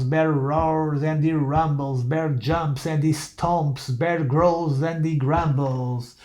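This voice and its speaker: A man's voice: a little high, steady tone, slow, hardly any pauses, a little mellow. A man reading a rhyming picture book aloud in a rhythmic, sing-song storytelling manner. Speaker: reader.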